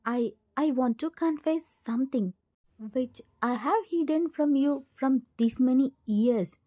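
A woman's voice: high-pitched, unhurried, mellow. A woman voicing a cold, paralyzed young man who earnestly pleads with his mother, in a storybook reading. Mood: confessing.

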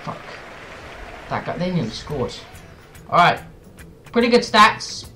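A young man doing loud gameplay commentary for a football video game, swearing and shouting at the players. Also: on the high side, slow, poor audio. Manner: excitable, swears a lot, yells at the game. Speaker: gaming YouTuber. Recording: game music playing behind. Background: soccer game music and commentary.

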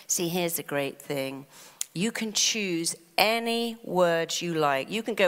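A woman's voice: lowish voice, animated, slow pace, fairly bright tone. A woman giving a motivational stage talk, acting out quoted inner voices. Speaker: speaker. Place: stage in a large hall. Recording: long hall reverb.

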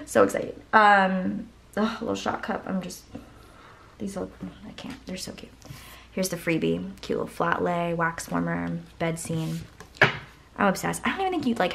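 A woman's voice: lowish voice, vocal fry. A young woman vlogging a haul in a casual, gushing way, her voice worn out. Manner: gushing, excitable, lots of "like" and "obsessed".

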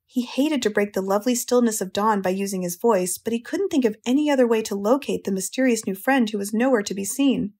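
An American woman narrating a children's audiobook in a slow, clear, gentle way. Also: medium pitch. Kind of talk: storybook narration.

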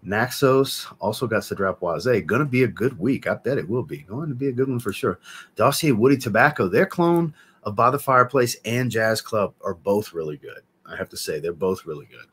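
Man, livestream host, casual chat, enthusiastic, husky. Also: fairly low pitch, lively intonation, brisk, a bit bright. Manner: chatty, enthusiastic, reads out chat names. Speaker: livestream host reading viewer comments.

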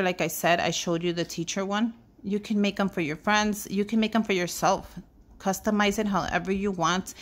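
A woman's voice: mid-range voice, a bit bright. Gushing woman crafter giving tutorial. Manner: enthusiastic, gushing over results, step-by-step instructions. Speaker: craft channel host.

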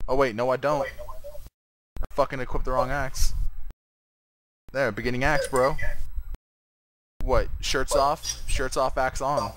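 A man's voice: medium pitch, fairly even intonation, slow, pauses often, noisy background. A man casually commentating his own video game duel, joking, swearing and trash-talking his opponent. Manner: joking trash talk, lots of laughing and swearing.

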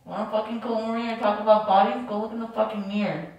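A woman's voice: on the high side, level tone, racing, a little mellow, muffled recording. A woman in her twenties arguing with her fiancé in a prank vlog, sleepy and then cursing and roasting him. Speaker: vlogger. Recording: echoey room from far off.

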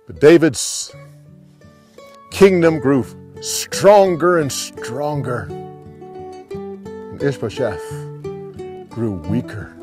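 A man telling a Bible story dramatically, rising with the action and dropping low at the ends of scenes. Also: extremely slow, pauses often, faint music behind. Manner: animated, dropping to hushed endings.

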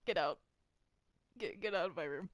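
A woman's voice: fairly low pitch, moderate pace, no echo, lightly acted. Woman doing Bendy, teasing, stuttering ink demon. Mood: offended. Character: mischievous young male cartoon ink demon. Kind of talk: fan voice roleplay.

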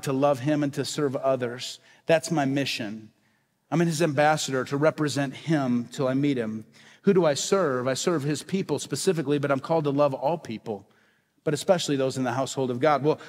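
A pastor delivers a sermon with emphatic repetition, asking questions and answering them himself. His voice sits fairly high for a man. A long church reverb hangs behind him. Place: church sanctuary.

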